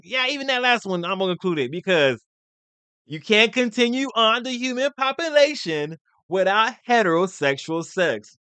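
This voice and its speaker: A man, talking in a blunt, opinionated, casual rant. His voice sits a bit high and sounds smooth and clear. The room adds almost no echo, so he sounds dry and close. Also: very animated, moderate pace, pushed and bright. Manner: blunt, opinionated, rambling with restarts. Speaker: commentary video host.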